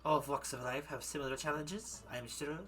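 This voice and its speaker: A man doing a poised young waxwork artisan from a murder-mystery game, speaking in a wobbly mock French accent that keeps slipping toward German. Her delivery is formal and measured, with a bright, forceful edge, and she trips over her own French words now and then. The voice sits a little high. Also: animated. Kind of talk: reading game dialogue aloud.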